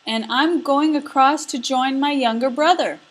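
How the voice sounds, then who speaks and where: A woman's voice: sits high, measured pace, pitched above the performer's own voice. A woman voicing a timid young billy goat who stammers and bleats in a storybook. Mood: pleading.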